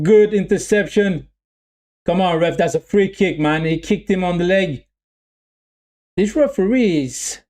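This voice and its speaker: A high-voiced man does live commentary for a football watch-along, reacting excitedly to the play, repeating his phrases and voicing chat messages aloud.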